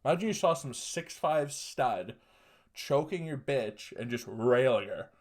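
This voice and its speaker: A man's voice: mid-range voice, animated, measured pace. A man in his twenties telling a crude, rambling story as a podcast host, swearing freely and laughing often.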